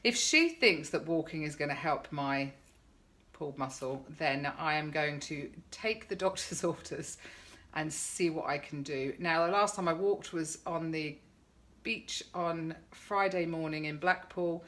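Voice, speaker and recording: A woman's voice: low voice, unhurried, a bit bright. A middle-aged woman vlogging in a chatty, sarcastic way, telling her followers about her day. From England. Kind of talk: casual chat to camera.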